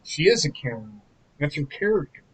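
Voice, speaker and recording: A man's voice: fairly high pitch, big pitch swings, normal speed, breathy edge, rough recording. A man co-hosting a casual live watch-along chat, ranting in a heated, profane way. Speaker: podcast co-host.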